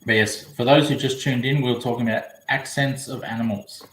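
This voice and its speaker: A man from Australia talks casually on a live stream, rambling from one thought to the next as he answers viewers' comments. His voice sits at a middle pitch, and the room around him is echoey. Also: fairly even intonation, brisk. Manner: rambling, chatty, reading comments aloud.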